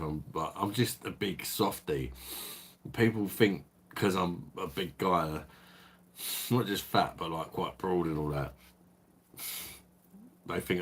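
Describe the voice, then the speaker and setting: Man, deep voice, casual livestream chat, rambling, swears a lot. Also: creaky, fairly bright tone, slightly rough. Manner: sweary, rambling, chuckles often. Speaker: beer review livestream host.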